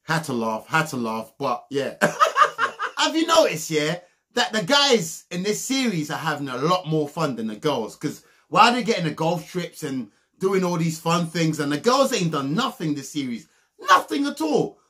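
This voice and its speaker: A young man giving a comedic, mocking recap of a reality TV show, breaking into loud laughs. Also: normal speed. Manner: mocking, animated, bursts into loud high laughs.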